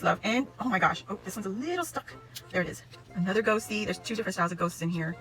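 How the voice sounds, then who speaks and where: A woman chatting to camera as she unboxes a gift, gushing and excitable, often exclaiming in delight. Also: on the low side, very fast, rough recording. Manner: gushing, excitable, repeats "oh my gosh". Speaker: craft vlogger opening a gift package. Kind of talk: casual unboxing chat to camera.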